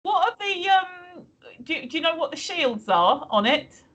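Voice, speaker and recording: A woman's voice: very high voice, very animated, unhurried, a bit bright, lo-fi sound. A woman co-hosting a stream in casual chat, giggly and chatty as she reads out viewer comments. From London. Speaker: stream co-host reading chat.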